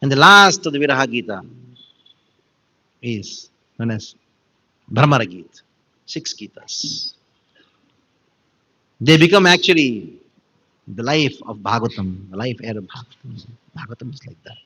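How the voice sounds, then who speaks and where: A man's voice: mid-range voice, big pitch swings, moderate pace, long pauses, bright, forceful tone, breathy edge, highs cut off. A man giving a devotional scripture class, telling the story with emphasis and animation.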